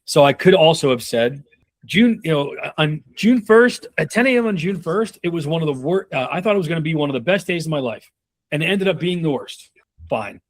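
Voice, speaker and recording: A man's voice: on the high side, expressive, a little fast. A man in his thirties coaching on a call, casual and rambling, with many fillers and restarts. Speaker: sales leadership coach.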